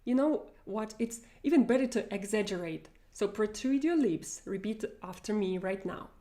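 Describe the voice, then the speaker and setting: A woman's voice: mid-range voice, lively intonation, moderate pace, mellow. A woman teaching pronunciation, modeling sounds and having listeners repeat after her. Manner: demonstrates sounds, repeats and exaggerates them. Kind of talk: online pronunciation lesson.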